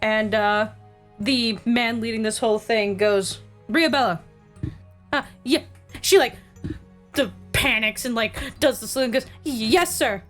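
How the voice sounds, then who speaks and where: A woman's voice: on the high side, fairly even intonation, measured pace, a bit bright, soft background music. A woman running a tabletop game, narrating casually with lots of "like" and "uh". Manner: casual, many fillers like "like" and "uh". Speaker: game master.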